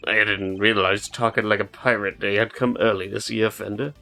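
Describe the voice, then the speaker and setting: A man voicing a cool, formal male prosecutor who speaks in a measured, quiet way. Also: on the low side, steady tone, vocal fry, soft background music. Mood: composed.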